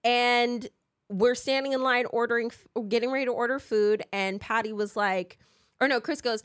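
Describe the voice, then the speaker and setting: Animated swearing woman podcaster. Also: fairly high pitch, normal speed, no room sound, studio quality. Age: 30s. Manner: animated, swears freely, acts out quoted people. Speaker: podcast co-host. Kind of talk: casual chat. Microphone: podcast mic.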